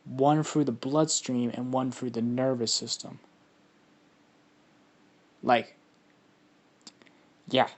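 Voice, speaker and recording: A man's voice: medium pitch, fairly even intonation, moderate pace, few pauses, darkish tone. Rambling, swearing guy telling a fan story. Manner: rambling, heavy swearing, lots of fillers. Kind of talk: casual improvised fan story.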